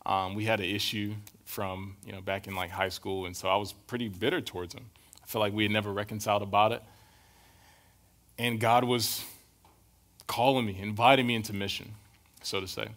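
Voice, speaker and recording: A young adult man preaching a relaxed, conversational sermon, telling stories and often checking in with his listeners. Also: on the low side, brisk. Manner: casual, storytelling, keeps checking in with "right?".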